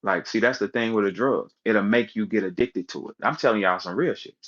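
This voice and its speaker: A man's voice: on the low side, a little fast, a bit bright, dull audio. A man giving a casual, emphatic rant as a commentator, repeating words and acting out the people he quotes. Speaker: battle rap commentator.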